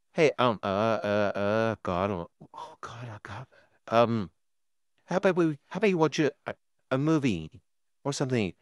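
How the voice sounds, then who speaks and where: A nervous male puppet fumbles through looking after a small child, as a man acts him out in a fan audio drama. The voice is smooth and clear at a middling pitch, and it stammers, scolds and pleads. It sits close and dry, with no room around it. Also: no echo. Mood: panicked soothing. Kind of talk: fan audio role-play.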